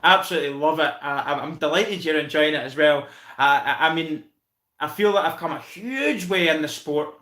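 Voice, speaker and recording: A man's voice: a little high, normal speed, pushed and bright, reverberant. A Scottish man hosting a casual live stream, chatting with viewers, thanking them by name and calling them mate. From Scotland. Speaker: channel host reviewing football.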